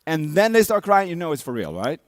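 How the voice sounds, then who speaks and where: A man's voice: fairly high pitch, huge pitch swings, brisk, dry recording. A man in his thirties, a coach, telling a personal story to an audience, acting out sounds and quotes. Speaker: speaker, coach.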